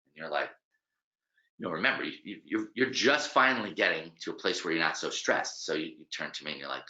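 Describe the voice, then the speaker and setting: A man's voice: sits low, lively intonation, fast, sharp tone. A man with an American accent giving a webinar lesson, speaking directly and animatedly to the listener. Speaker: presenter. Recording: roomy, slightly dull webinar audio.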